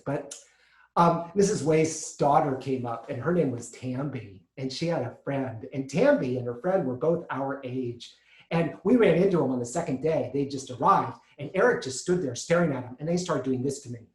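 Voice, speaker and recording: A man performing an autobiographical solo monologue, animated, with lively pitch swings as he acts out scenes. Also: moderate pace, roomy sound.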